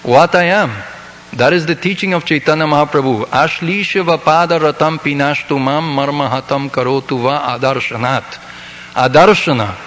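A man's voice: a little high, moderate pace, a bit bright, slight background noise. Emphatic man preaching in a reverberant hall. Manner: emphatic, repeats key lines. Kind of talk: fervent recorded sermon.

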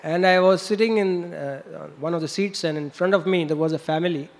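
Monk preacher, high-pitched man, lively anecdote-style sermon with chuckles. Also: brisk. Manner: animated storytelling with laughs and sound effects. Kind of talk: storytelling sermon.

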